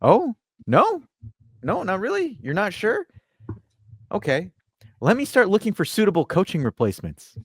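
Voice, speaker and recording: A flustered, sheepish executive pleads with his coach, as a man puts him on. The voice rises high and hesitant. The sound is close and dry. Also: wildly swooping pitch, moderate pace, pauses often, husky, no echo, exaggerated voice.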